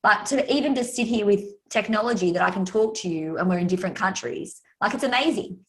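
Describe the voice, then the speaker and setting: A woman's voice: mid-range voice, fast, rough recording. Chatty Australian woman telling stories. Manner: chatty, storytelling, lively. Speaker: guest speaker and author. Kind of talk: casual podcast interview.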